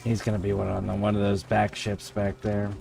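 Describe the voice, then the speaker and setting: A man streaming a video game, chatting casually with viewers, swearing freely and thinking out loud while he plays. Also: lowish voice, monotone, a little fast, creaky, over music. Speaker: livestreamer. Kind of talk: casual gaming livestream chat.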